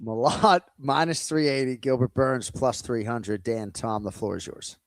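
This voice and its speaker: A man hosting a fight podcast, briskly setting up picks and handing off to co-hosts. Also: mid-range voice, no room sound. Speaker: podcast host.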